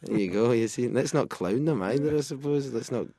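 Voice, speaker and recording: A man's voice: mid-range voice, expressive, a little fast, vocal fry, warm tone, no room sound. A man with a Scottish accent, a musician being interviewed, chatting casually and joking in a loose, playful way. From Scotland. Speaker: musician guest.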